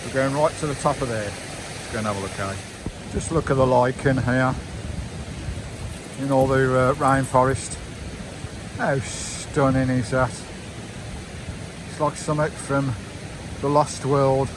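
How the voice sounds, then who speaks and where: A man's voice: medium pitch, steady tone, measured pace, long pauses. Chatty man vlogging on a noisy trail. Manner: chatty and rambling, keeps calling out to the viewers and his dog. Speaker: vanlife vlogger. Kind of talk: casual walking vlog chat to viewers. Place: outdoors on a wooded hillside trail by a stream. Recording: noisy outdoor recording.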